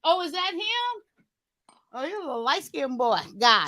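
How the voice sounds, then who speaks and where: A woman hosting a casual talk show, chatty and quick to laugh. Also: high-pitched, very animated, sharp tone. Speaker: host. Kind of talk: casual chat.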